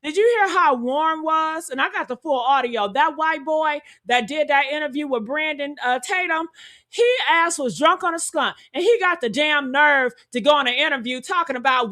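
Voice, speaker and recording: A woman giving heated, profane reaction commentary, talking loudly and indignantly and calling out to her viewers. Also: high-pitched, normal speed. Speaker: commentary streamer.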